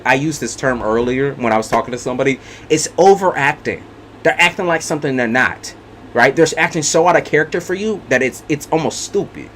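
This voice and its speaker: A man's voice: mid-range voice, slight background noise. A man giving a casual tarot reading monologue, blunt and profane, repeating his points for emphasis. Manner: blunt, profane and repetitive, hammering points home. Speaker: tarot reader.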